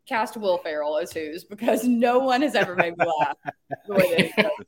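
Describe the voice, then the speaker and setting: A woman in a relaxed podcast chat with a middle-range voice. She rambles a little, scattering fillers through easygoing, friendly talk. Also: mid-range voice, moderate pace. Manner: chatty, filler-heavy, with "like" and "um". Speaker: podcast co-host. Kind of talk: casual chat.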